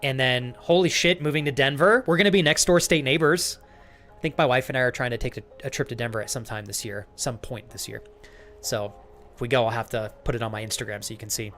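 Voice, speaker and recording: A man's voice: mid-range voice, quick pace, fairly bright tone, soft background music. A man live-streaming a game, joking crudely with chat and thanking viewers as he plays. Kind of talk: live gaming stream banter.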